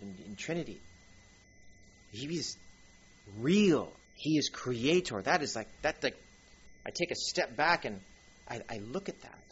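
A man preaching a lecture-style sermon with a husky voice, animated and full of asides. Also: mid-range voice. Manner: animated, with asides and quick acted quotes. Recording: dull lo-fi recording.

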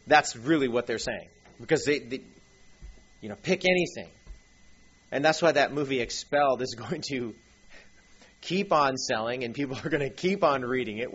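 A man preaching a lecture-style sermon with a husky voice, animated and full of asides. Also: medium pitch. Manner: animated, with asides and quick acted quotes. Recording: dull lo-fi recording.

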